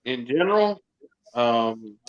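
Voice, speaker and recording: A man telling a short story in casual podcast chat, slow and hesitant. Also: medium pitch, lively intonation, reverberant, highs cut off.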